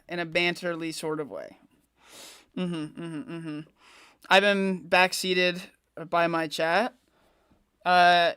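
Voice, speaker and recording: A man's voice: high voice, clear, resonant tone. A young man live-streaming a game from home, chatting with his viewers, laughing a lot and joking at his own expense. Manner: excitable, self-mocking, laughs often, talks to chat. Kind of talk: casual live-stream chat while gaming.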